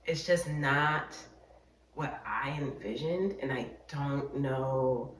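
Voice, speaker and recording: A woman vlogging while sewing a dress, talking to herself with self-doubt and sometimes dropping to quiet mutters. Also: rumbling low, slow pace. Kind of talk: casual vlog narration while working. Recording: roomy, from a distance, faint noise.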